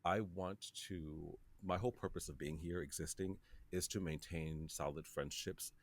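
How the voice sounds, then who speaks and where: Candid, low-voiced man in casual chat. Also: fairly even intonation, normal speed, no echo. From Wisconsin. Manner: candid, reflective, swears freely. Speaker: podcast co-host.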